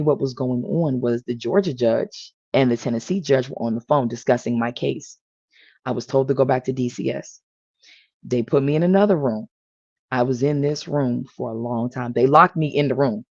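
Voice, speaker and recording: A woman's voice: rumbling low, no echo. A woman telling her own story in an earnest, emotional way as a panel guest. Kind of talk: personal testimony. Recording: dull lo-fi audio.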